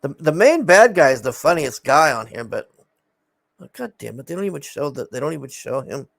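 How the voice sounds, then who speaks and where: A man's voice: fairly high pitch, sing-song, a little fast, vocal fry, a bit bright, dry recording. A man casually recapping a film in a rambling, exasperated way, swearing often and sighing.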